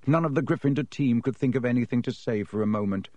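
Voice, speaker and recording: A man's voice: medium pitch, fast talker, mellow, no echo. A man reading an audiobook expressively, giving each character a voice. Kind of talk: audiobook narration.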